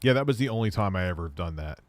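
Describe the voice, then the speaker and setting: Casting: man in his thirties, lowish voice, dry close mic, candid rambling livestream host. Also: animated, racing, no room sound. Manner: candid, rambling, self-deprecating storytelling. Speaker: livestream host answering chat questions. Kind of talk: casual livestream chat.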